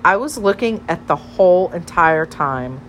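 A woman reading an audiobook, voicing a shy, embarrassed teenage girl who answers quietly and doggedly. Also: lowish voice, expressive, unhurried, a little hiss or hum. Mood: flustered.

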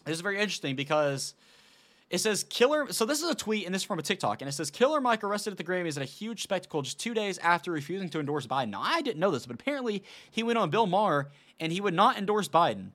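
A man's voice: sits high, very animated, fast talker, a bit bright. A man hosting a casual commentary show, talking loosely with lots of laughs, "dude" and fillers. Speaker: show host.

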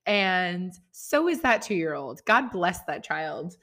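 Very animated yet taking it slowly, a young woman with a lowish, fairly bright voice chats on her solo podcast with hardly any pauses. She's rambling and chatty, sprinkling in "like" constantly.

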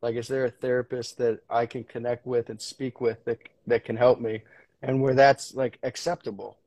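A man's voice: medium pitch, little pitch movement, moderate pace, a little mellow, no room sound. A man as a podcast guest, talking candidly with frequent restarts, casual swearing and earnest storytelling. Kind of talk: candid conversation.

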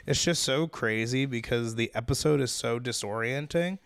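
A man co-hosting a podcast, explaining things patiently with a lot of ums. His voice is smooth and resonant. The sound is close and dry, with no room around it. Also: medium pitch, normal speed, no room sound. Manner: explanatory, steady, hedges with ums. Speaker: podcast co-host. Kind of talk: casual chat.

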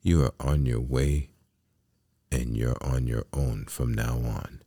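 A man voicing a calm, wise female fairy who speaks sternly and in a measured way. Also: rumbling low, breathy edge, no echo, studio quality, exaggerated voice.

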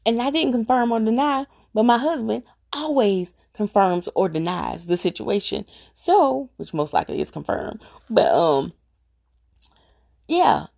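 A middle-aged woman casually telling a personal story, chatty and animated, acting out her family's voices and repeating herself for emphasis. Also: on the high side, measured pace, creaky.

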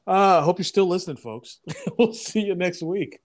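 Laughing, slightly high-voiced podcast man. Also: normal speed, background noise. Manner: laughs often, relaxed banter. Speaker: podcast co-host. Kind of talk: casual chat.

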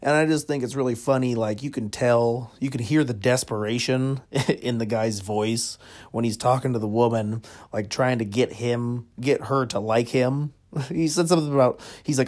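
A man's voice: medium pitch, normal speed. Chuckling man telling bar stories. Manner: rambling, chuckles often, lots of fillers. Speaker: podcast host. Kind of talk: comedic storytelling monologue.

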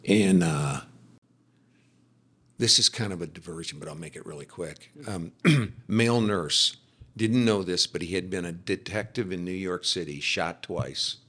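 Middle-aged guy on a podcast, deep husky voice, animated storyteller. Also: a little slow. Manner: animated storyteller, acts out quoted speech. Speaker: podcast guest. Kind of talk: personal faith testimony in casual conversation.

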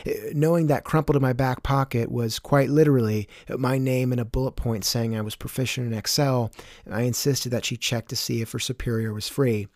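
A young man narrating a personal story with wry, deadpan humor. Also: medium pitch, a little fast, no echo, clean studio sound. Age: young adult.

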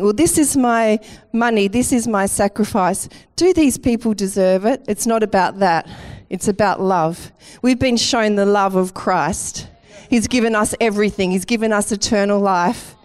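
A middle-aged woman, a campus pastor giving a lively, playful welcome and sermon in church. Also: mid-range voice. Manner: chatty and playful, laughing at herself. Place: church auditorium.

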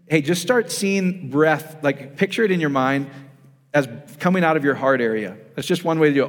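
A man delivers a relaxed, conversational sermon, peppering it with quick questions to the congregation. His voice sits a bit high for a man. The sound rings out with a long reverb from the church hall. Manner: casual, asks the audience questions, addresses them as guys. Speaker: pastor.

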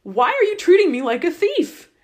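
A woman's voice: a little high, expressive, normal speed, lightly acted. A woman doing an exasperated, defensive young man.

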